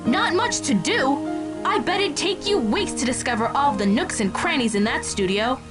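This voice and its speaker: A lively, encouraging friend. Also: female voice, high-pitched, moderate pace, loud music behind the voice. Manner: encouraging, playful. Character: upbeat young woman, supportive friend on the phone.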